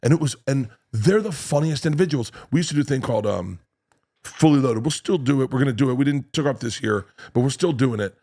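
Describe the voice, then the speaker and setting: A male comedian guest telling a profane, animated story on a podcast. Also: medium pitch. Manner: animated, swearing, quick storytelling with restarts.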